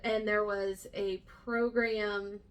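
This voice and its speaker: Calm young woman recapping a plot. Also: mid-range voice, takes it slowly. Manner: calm, steers back to the plot and corrects details. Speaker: book club co-host. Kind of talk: casual book discussion.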